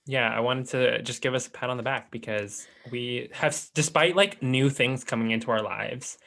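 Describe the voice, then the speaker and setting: A man's voice: medium pitch, normal speed, vocal fry, a bit bright. A young man co-hosting a podcast over a video call, chatty and giggly with lots of fillers. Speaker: podcast co-host. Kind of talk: casual chat.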